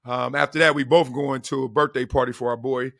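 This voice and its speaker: Man, hoarse, gravelly, bright tense tone, middle-aged host, slangy casual chat, dry close sound. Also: mid-range voice, fairly quick, no echo. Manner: animated storyteller, laughs often, slangy. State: hoarse from yelling. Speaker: show host. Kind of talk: casual solo vlog chat.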